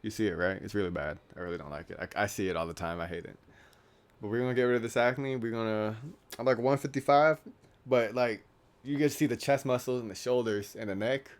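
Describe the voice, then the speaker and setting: A young man in his late teens vlogs casually as a YouTuber, rambling and making self-deprecating jokes. He talks fast in a fairly low, steady voice.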